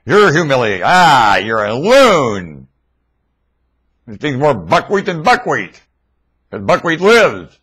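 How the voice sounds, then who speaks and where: A man recorded on a webcam mic at home, rambling in a monologue that swings between loud outbursts and mumbling. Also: mid-range voice, sing-song, takes it slowly, long pauses, breathy edge.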